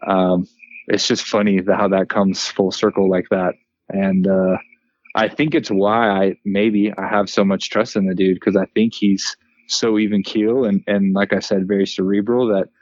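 A man in his thirties, a former player and coach, chatting on a podcast in an even-keeled, relaxed way with lots of fillers. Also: sits low, unhurried, dry recording, muffled recording. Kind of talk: casual podcast chat.

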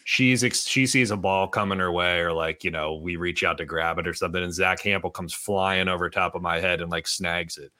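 A man's voice: low voice, fairly even intonation, brisk, few pauses, bright, forceful tone, no room sound. A man, co-hosting a casual chat and telling rambling stories full of fillers. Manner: rambling, filler-heavy storytelling. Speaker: podcast co-host.

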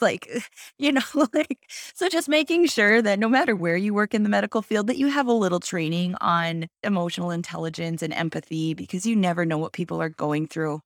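A woman speaks candidly as an interview guest, recounting events with quoted back-and-forth. Her voice carries a gravelly edge, recorded close and dry. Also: fairly low pitch, dry recording. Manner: open, emotional storytelling with quoted dialogue.

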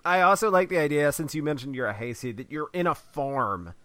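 A man's voice: fairly high pitch, a little fast, fairly bright tone, no echo. A man co-hosting a comedy podcast, riffing on absurd improvised bits in casual chat. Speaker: podcast co-host.

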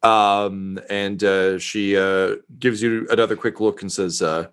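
A man's voice: on the low side, steady tone, unhurried, fairly bright tone, clean tone. A man narrating as game master in a tabletop game, rambling with many fillers and jokes. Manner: rambling, filler-heavy, jokey.

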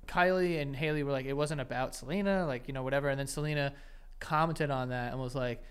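A young man co-hosting a podcast in casual chat, gossipy and animated, cursing often. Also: mid-range voice, fast talker, clear, resonant tone. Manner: animated, swears a lot, gossipy. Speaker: podcast co-host.

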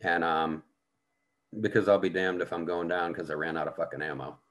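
Middle-aged American man, low gravel-free baritone, swears freely, tells war stories candidly. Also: fairly even intonation, fairly quick, fairly bright tone. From United States. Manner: heavy swearing, blunt, vivid storytelling. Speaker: podcast guest, veteran actor. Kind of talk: casual storytelling conversation.

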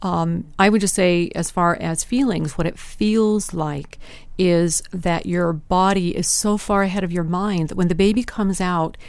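A woman's voice: lowish voice, steady tone, measured pace, a little mellow, no room sound. A woman who is a midwife, explaining earnestly in a casual podcast conversation.

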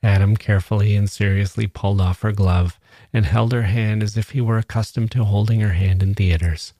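A man giving measured, even narration of a literary novella, recorded close on a studio mic. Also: lowish voice, no room sound. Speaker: reader.

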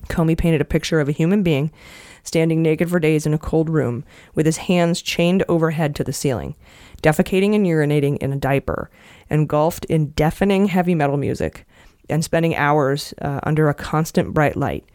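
A woman's voice: low-pitched, moderate pace, few pauses, a little mellow, no echo, clean studio sound. Earnest woman retelling a story. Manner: earnest storyteller, emotional at times. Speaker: podcast host recounting a book. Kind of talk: casual podcast chat, reading passages aloud.

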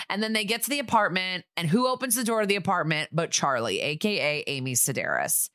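A woman co-hosting a podcast, casually recapping a TV episode with irreverent asides and quick impressions. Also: mid-range voice, big pitch swings, a bit bright, no room sound, clean studio sound. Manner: chatty, irreverent, acts out lines from the episode. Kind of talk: casual chat.

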